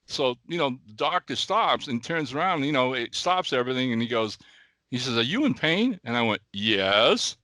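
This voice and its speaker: An older man co-hosting a podcast, telling stories in animated casual chat and often checking in with "all right?". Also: mid-range voice, brisk, no room sound. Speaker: podcast co-host.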